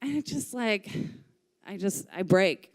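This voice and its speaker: A woman telling a personal story live on stage into a microphone, candid and lively, swearing casually. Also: medium pitch, unhurried. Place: stage of a live music venue.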